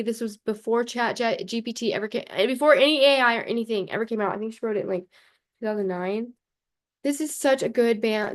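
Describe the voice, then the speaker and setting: A woman coach talking straight to camera in a casual vlog, chatty and passionate, blunt, swearing and saying "like" a lot. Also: mid-range voice. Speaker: life coach.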